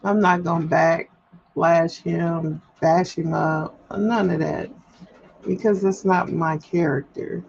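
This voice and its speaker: A woman speaks slowly with a gravelly, creaky edge, venting candidly and circling back on her points. Her livestream audio is slightly dull, with a faint hum underneath. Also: lowish voice, fairly even intonation, a little mellow. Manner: candid, rambling, emphatic repetition. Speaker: livestream host. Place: at home, printing paperwork.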